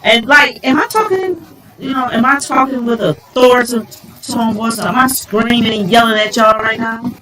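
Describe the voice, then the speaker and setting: A middle-aged woman giving relationship advice in a casual, animated vlog, exclaiming and talking straight to her viewers. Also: fairly high pitch, normal speed, rough recording. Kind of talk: casual advice talk to camera.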